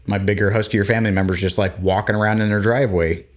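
A man chatting casually on a podcast, animated and acting out little scenes as he talks. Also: on the low side, fast talker. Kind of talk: casual chat. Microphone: desk microphone.

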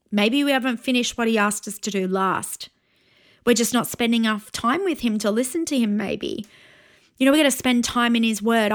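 A woman pastor in her forties giving an earnest, encouraging teaching sermon, pausing to invite listeners to pray. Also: on the high side.

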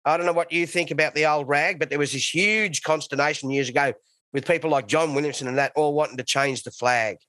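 A man's voice: on the high side, brisk, bright, forceful tone, dry recording. A man with an Australian accent co-hosting a podcast over a video call, talking in blunt, joking banter full of swearing. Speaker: podcast co-host. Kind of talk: casual podcast chat.

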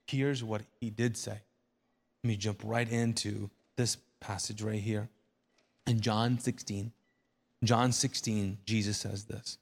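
A man's voice: lowish voice, level tone, slow, vocal fry. A man preaching a sermon as a pastor, speaking earnestly and conversationally, often repeating and restarting phrases.

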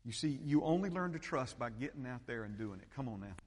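A man's voice: mid-range voice, animated, quick pace, darkish tone. A man preaching a sermon, emphatic and repetitive, rising to fervent peaks. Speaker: pastor. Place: church sanctuary. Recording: long church reverb.

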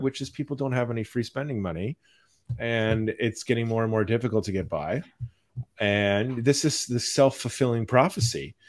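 A man hosting a podcast, talking politics in an indignant, questioning way, with lots of fillers. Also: mid-range voice. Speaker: podcast host.

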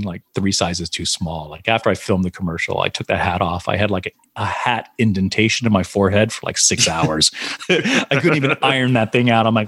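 A man, an actor, telling anecdotes in a casual interview, animated and laughing often. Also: fairly low pitch, slightly rough, dry recording. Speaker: actor, guest.

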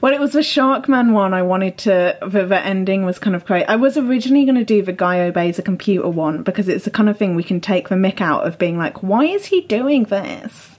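A woman's voice: mid-range voice, fast talker, hardly any pauses, darkish tone. A woman, co-hosting a podcast, chatting casually and reading a creepy story aloud while stretching her vowels. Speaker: podcast co-host.

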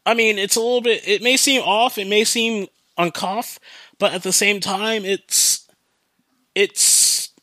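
Rambling, profane young man, bright voice. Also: sits high, fairly even intonation, unhurried, no room sound. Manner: rambling, profane, filler-heavy. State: drunk. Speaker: podcast host. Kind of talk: casual rambling monologue. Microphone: new home podcast mic.

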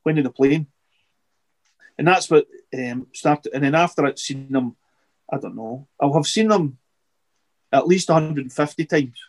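A middle-aged man, a podcast guest, chatting casually and rambling with halting restarts and repeated words. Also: on the high side. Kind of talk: casual interview chat.

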